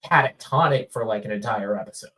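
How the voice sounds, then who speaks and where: A man who guests on a podcast, discussing a movie in casual chat and laying out his points in a measured, analytical way. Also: on the low side, fairly bright tone, reverberant, rough recording.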